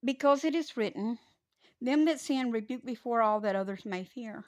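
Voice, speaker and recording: A woman delivering a stern, scolding preaching monologue that rises into loud, fiery preaching. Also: fairly high pitch, moderate pace.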